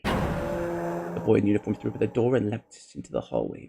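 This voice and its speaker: A man's voice: on the low side, normal speed, background noise. A man hosting a game playthrough, reading the story text aloud with blurted reactions. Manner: expressive, gravelly read-aloud with blurted reactions. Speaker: let's play host.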